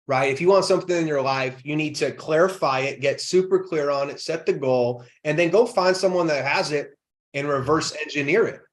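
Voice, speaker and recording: Energetic motivational male guest. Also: on the high side, brisk. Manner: energetic, motivational, rhetorical questions. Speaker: podcast guest. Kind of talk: motivational interview talk.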